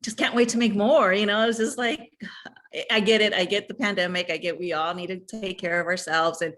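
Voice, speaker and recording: A woman telling a personal story in casual chat, animated, acting out what others said, with many fillers. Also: medium pitch, a little fast. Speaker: guest.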